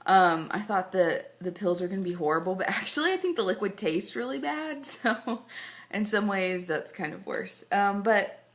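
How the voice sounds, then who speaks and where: A woman's voice: mid-range voice, expressive, moderate pace. Chatty pregnant woman vlogging. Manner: rambling, many fillers like "um" and "like"; emotional, close to tears at times. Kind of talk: casual chat to camera.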